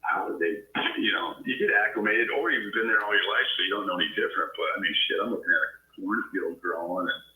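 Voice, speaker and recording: Minnesotan man, rambling, joking, somewhat low voice, echoey call recording. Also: fast, bright, forceful tone. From Minnesota, USA. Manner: rambling, joking, laughs often. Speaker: property seller on a sales call. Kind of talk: casual phone conversation.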